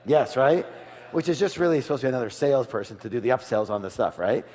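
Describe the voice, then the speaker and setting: A middle-aged man giving an energetic, chatty business seminar, often checking with the audience. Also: medium pitch, fast talker. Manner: energetic, chatty, keeps asking the audience "yes or yes?". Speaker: seminar speaker. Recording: long hall reverb.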